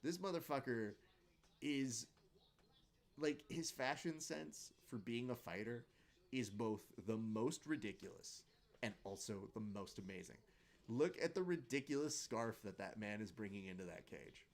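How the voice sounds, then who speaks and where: A man hosts a live stream where viewers watch fights together, talking in a loose, joking way and reading their comments aloud. His voice sits at a middling pitch, neither deep nor high. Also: expressive, a little slow. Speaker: host of a live fight watch-along show.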